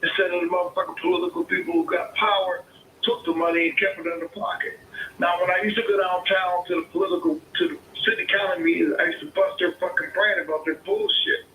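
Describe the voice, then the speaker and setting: A man's voice: high voice, fairly even intonation, fast, bright, forceful tone. A homeowner on a phone call, arguing heatedly and swearing often, repeating his points. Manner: swearing, repetitive, argumentative. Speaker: caller, homeowner. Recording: echoey phone call with faint noise.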